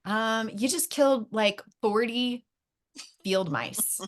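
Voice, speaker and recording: A woman's voice: on the high side, slow. A woman hosting an interview podcast, talking in a casual, plain-spoken way. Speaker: podcast host.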